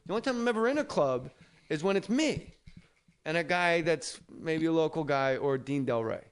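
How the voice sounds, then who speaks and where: A man's voice: on the high side, moderate pace, smooth. A man hosting a comedy podcast, chatting casually, swearing freely and acting out the people in his stories. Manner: animated, acts out voices in stories, swears freely. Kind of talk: casual chat, storytelling. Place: podcast studio.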